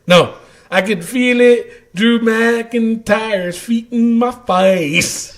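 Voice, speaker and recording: A man co-hosting a casual podcast, animated and quick to vent, laughing often as he talks. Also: sits high. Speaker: podcast co-host. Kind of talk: casual chat.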